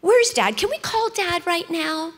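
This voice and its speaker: A woman voicing a sensitive six-year-old girl, speaking in a high, childlike way, heard in a big reverberant hall. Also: big pitch swings, unhurried, full character voice. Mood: pleading.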